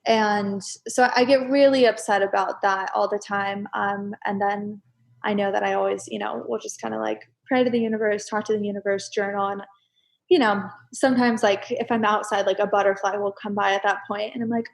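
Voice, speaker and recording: A young adult woman talking openly and emotionally as a guest in a casual chat, breaking into animated exclamations. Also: medium pitch, brisk, vocal fry.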